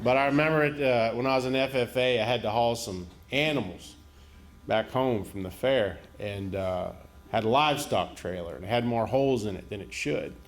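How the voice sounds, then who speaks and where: A man from rural Florida, telling stand-up stories in a folksy, unhurried way and laughing into his punchlines. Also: medium pitch. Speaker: stand-up comedian. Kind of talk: stand-up comedy storytelling. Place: comedy stage before a live audience. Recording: live show with audience noise.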